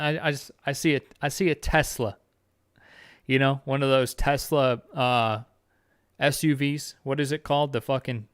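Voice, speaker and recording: A man hosts a podcast like a live chat with his viewers, rambling and swearing constantly. He is excitable and quick with exclamations. His voice is smooth and clear, and the recording is dry and close. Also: mid-range voice, dry recording. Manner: rambling and heavily profane. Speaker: podcast host.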